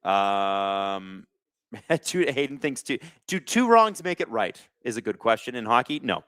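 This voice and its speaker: A man's voice: medium pitch, big pitch swings, a little slow, fairly bright tone, smooth, no echo. A man hosting a live hockey watch-along, chatting with viewers and calling the plays. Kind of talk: casual live-stream hockey commentary.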